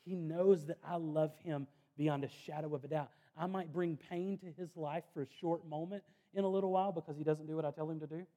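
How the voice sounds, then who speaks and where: A man's voice: fairly high pitch, fairly even intonation, brisk, hardly any pauses, warm tone. A man, preaching a sermon in an earnest, conversational way with self-deprecating asides. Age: 30s. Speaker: pastor.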